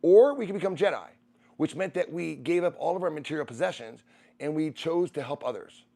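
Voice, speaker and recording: A man's voice: a little high, animated, a little fast, creaky, dark tone. A middle-aged man who streams, telling a personal story in a rambling way, restarting and repeating phrases.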